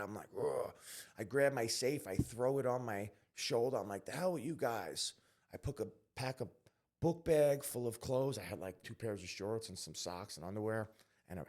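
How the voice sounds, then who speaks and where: Low-voiced man telling his story earnestly. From New York. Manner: earnest, emphatic, with quick restarts. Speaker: podcast guest. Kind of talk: candid personal storytelling.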